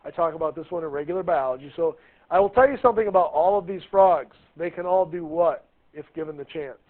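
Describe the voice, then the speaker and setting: A man's voice: on the high side, fast talker. A man teaching a biology class, chatty and jokey, often asking the students questions. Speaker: high school biology teacher. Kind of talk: classroom lecture. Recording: tinny lo-fi classroom recording.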